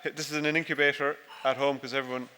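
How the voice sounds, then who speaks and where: Speaking fast in a pushed, bright, medium-pitched voice with little pitch movement, a dairy farmer presents his farm informally with slides, chatty, joking and self-deprecating. There's slight background noise and long reverb from the large conference hall.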